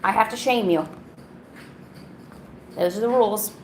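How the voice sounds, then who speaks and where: A woman's voice: medium pitch, normal speed, pauses often, a bit bright, slight background noise. Woman teasing her cat on a livestream. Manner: playfully teasing, scolds her cat in a mock-stern voice. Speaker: art livestreamer. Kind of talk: casual livestream chat.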